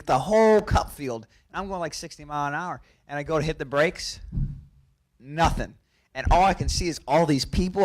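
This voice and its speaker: A race car driver telling a lively anecdote at a press conference, laughing through it and restarting his sentences quickly. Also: a little high.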